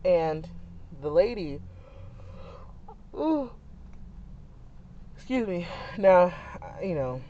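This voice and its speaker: A young woman, a mother, telling a family story in a chatty, animated way, with many fillers and frequent laughs. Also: on the low side, extremely slow, pauses often, slight background noise. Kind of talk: casual storytelling vlog. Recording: dull lo-fi sound.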